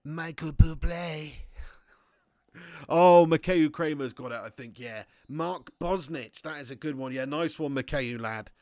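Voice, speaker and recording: A man streaming a football game live, commentating excitably and chatting with viewers. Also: mid-range voice, moderate pace, few pauses, dry recording, studio quality. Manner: excitable, swearing, chatty banter. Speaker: gaming livestreamer.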